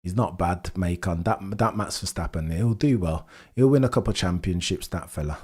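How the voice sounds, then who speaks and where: A young man doing live reaction commentary for his stream chat, swinging between excited shouts and low, disbelieving muttering. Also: fairly quick, husky. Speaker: livestream watchalong commentator.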